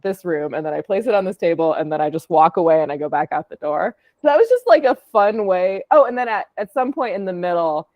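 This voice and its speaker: A woman's voice: on the low side, brisk, few pauses, a little mellow, no echo, clean studio sound. A woman, an audio artist, casually presenting her work on a call in a chatty, upbeat way with lots of fillers. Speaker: podcast producer and audio artist.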